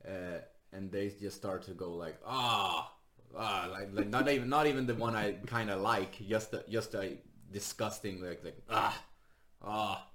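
A man's voice: lowish voice, moderate pace, few pauses, a bit bright, slight background noise. A man, a stand-up comedian, telling a story in casual chat, laughing often and swearing freely. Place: Sweden.

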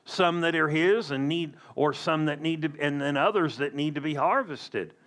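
A man's voice: fairly high pitch, normal speed, a bit bright. A man preaching a sermon as a pastor, emphatic with conversational asides.

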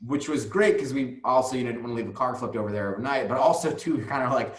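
The guest, a music video director, tells a long, casual story full of fillers and curse words. He talks fast in a mid-range voice, and the recording has a roomy echo.

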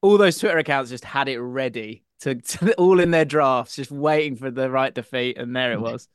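A man on a football podcast, recounting a story with quick asides. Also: medium pitch, clear, resonant tone, no echo, studio quality. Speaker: podcast guest. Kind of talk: casual football podcast chat.

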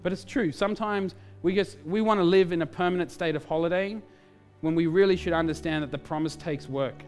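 Male pastor, lively sermon storytelling, faint music underneath. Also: on the high side. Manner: animated storytelling, quick asides.

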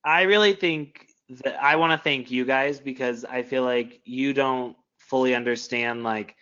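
A man's voice: mid-range voice, fairly even intonation, measured pace, a bit bright, clear, resonant tone, dull audio. A man talking casually and candidly as a podcast guest, self-deprecating and full of fillers. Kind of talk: casual interview chat.

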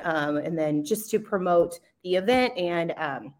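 A woman guest on a podcast, talking in a bubbly, animated way and laughing often as she chats over a video call. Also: lowish voice, normal speed, hardly any pauses. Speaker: guest, media relations manager. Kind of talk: casual podcast chat.

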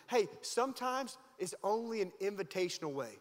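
A man preaching a sermon as pastor, emphatic, swinging from loud highs to quiet asides. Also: lively intonation, brisk, few pauses, big-room sound.

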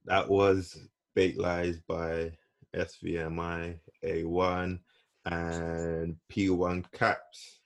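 A man's voice: sits low, monotone, extremely slow, creaky, no room sound. A man co-hosting a music show, introducing tracks and teasing his partner with playful, repetitive banter. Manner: playful, repeats words while teasing. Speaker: radio show co-host.

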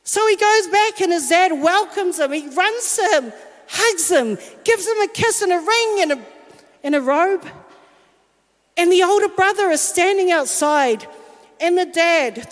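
A woman giving a personal testimony sermon, telling her story in a lively way and acting out the voices she quotes. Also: very high voice, a little slow. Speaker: worship singer and speaker. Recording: long reverb of a large hall.

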